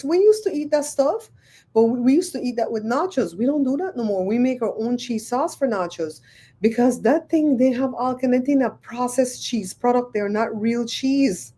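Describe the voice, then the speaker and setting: A woman, hosting a livestream and chatting with viewers, telling stories in an animated, exclaiming way. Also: fairly high pitch, normal speed. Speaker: livestream host. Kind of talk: casual chat with live viewers.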